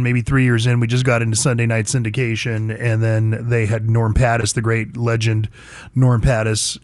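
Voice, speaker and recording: A man hosting talk radio, blunt and opinionated, chatting easily between hard takes. His voice is mid-pitched and sits close to a studio mic with a dry, dead sound. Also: no echo. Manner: blunt, conversational, reminiscing with his producer. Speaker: radio show host.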